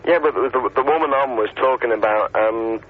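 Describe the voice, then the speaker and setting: A man's voice: medium pitch, a little fast. A male caller who rambles hesitantly to a radio host. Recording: tinny phone line with faint noise.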